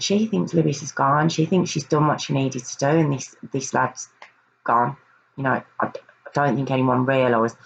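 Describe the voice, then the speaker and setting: A woman's voice: rumbling low, gravelly, muffled recording, slight background noise. A woman earnestly recounting a true crime case in a casual review, often hesitating and repeating words.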